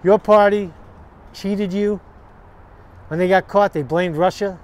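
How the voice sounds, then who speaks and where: Outdoors on a city street, a male vlogger delivers a combative political rant to camera, full of profanity and sarcasm. He speaks at a measured pace, his high-pitched voice holding a steady tone.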